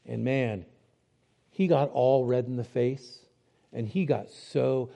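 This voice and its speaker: A man's voice: medium pitch, lively intonation, slow pace, vocal fry, warm tone. A man preaching a sermon in a conversational way, explaining step by step and asking his listeners rhetorical questions.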